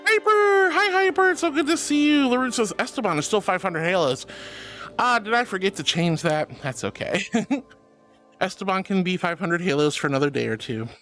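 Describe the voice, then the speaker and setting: A bubbly, giggly woman greets her chat one by one with pet names, her mid-pitched voice swooping up and down. Faint music plays quietly behind her casual chatter. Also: expressive, moderate pace. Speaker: VTuber streamer. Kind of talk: casual live-stream chat.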